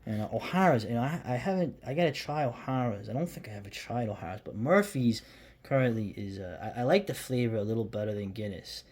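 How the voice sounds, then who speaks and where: A man from the United States chatting casually to camera about beer, rambling and restarting sentences, sometimes dropping to a hushed near-whisper. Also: medium pitch, animated, brisk, breathy edge. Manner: rambling, self-interrupting, drops to a hushed near-whisper when admiring the beer. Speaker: beer vlogger.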